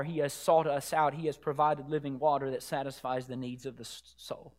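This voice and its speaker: A pastor preaching a sermon to his church, swinging from hushed, whispered lows to shouted climaxes. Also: flat delivery, brisk. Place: church sanctuary.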